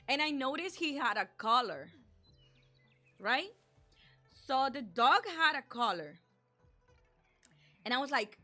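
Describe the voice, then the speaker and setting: A woman streamer telling a personal story in an animated, chatty way, acting out the dialogue and saying "like" often. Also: sits high, unhurried, pauses often, soft background music. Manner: animated, acts out dialogue, frequent "like". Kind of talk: casual storytime.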